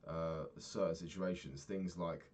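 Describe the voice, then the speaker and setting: A man's voice: deep voice, steady tone, unhurried, a little mellow. A young man talking through his day in a candid, rambling diary vlog, swearing freely. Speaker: vlogger.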